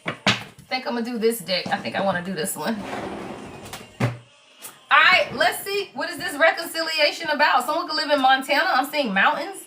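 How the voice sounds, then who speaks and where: A woman's voice: high voice, lively intonation, brisk, pauses often, background noise. A woman giving a casual live tarot reading, blunt and profane, laughing often and calling her viewers y'all. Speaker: tarot reader.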